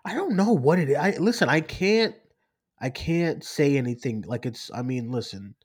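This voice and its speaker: Excitable laughing male podcast co-host. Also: fairly high pitch, normal speed, breathy edge. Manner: excitable, laughs often, repeats himself. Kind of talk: casual chat.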